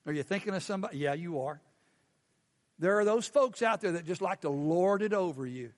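A man preaching a sermon as pastor, animated and firing questions at the congregation. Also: sits high, a little fast, long reverb tail.

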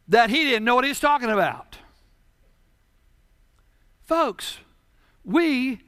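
Male pastor, emphatic preaching style, high bright voice, dry close sound. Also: dry recording. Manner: emphatic preaching with rhetorical questions. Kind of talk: sermon.

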